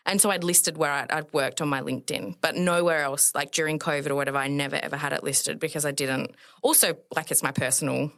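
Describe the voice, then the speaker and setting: A woman's voice: steady tone, fast, vocal fry, few pauses, fairly bright tone. Chatty Australian woman telling a story. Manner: chatty, acts out quoted dialogue with big pitch jumps. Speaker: guest, emergency nurse. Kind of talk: casual storytelling interview.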